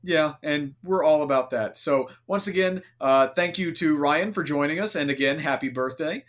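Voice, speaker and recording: A man's voice: a little high, moderate pace, a bit bright. A man hosting a casual podcast, talking in a loose, rambling way full of fillers and restarts. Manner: rambling, filler-heavy, self-interrupting. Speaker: podcast host.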